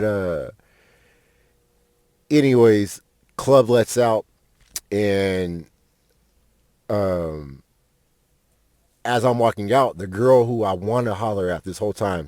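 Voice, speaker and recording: Deep-voiced profane guy rambling. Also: slow pace, pauses often, darkish tone, no room sound, clean studio sound. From Fort Worth, Texas. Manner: rambling and profane, many fillers. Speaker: podcast host. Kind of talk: casual storytelling monologue.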